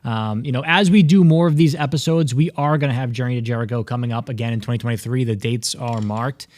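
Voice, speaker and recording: A man from New England co-hosts a casual talk show and speaks in a steady, promotional way. He asks viewers to comment and share their ideas. His voice sits in a middle pitch, recorded close and dry. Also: fast talker, no room sound. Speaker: co-host.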